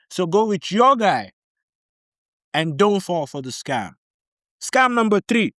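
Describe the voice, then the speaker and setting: Man, vlogger, fairly high voice, dry close sound, animated storyteller, blunt warnings. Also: dry recording. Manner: animated storytelling, acting out both sides of arguments; direct, warning tone, repeats points for emphasis. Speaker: vlogger giving advice on living in Barbados. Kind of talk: casual advice talk to camera.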